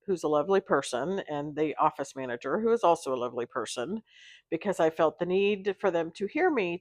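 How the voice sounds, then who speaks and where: Low-voiced woman, sick and rambling. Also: dry recording, studio quality. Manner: candid, rambling, with many fillers. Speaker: vlogger and therapy intern. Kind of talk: casual confessional vlog.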